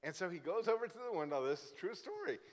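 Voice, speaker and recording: A man's voice: high voice, rapid-fire. A man from Brazil, a guest pastor, telling a funny story in a sermon and acting out the people in it. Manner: lively, joking storyteller who acts out the characters. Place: church sanctuary. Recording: church hall with long reverb.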